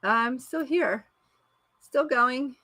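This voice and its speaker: A woman's voice: high voice, extremely slow, pushed and bright. A woman life coach leading a live-streamed coaching session, playful and encouraging in a chatty way.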